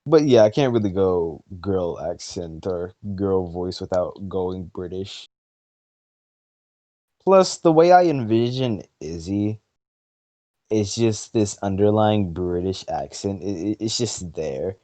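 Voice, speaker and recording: A man rambles animatedly through a casual collab chat and laughs often. His voice is mellow and dark but swings widely in pitch. The sound is dry and close to the mic. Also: animated, takes it slowly, no echo. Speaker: co-host of a what-if collab.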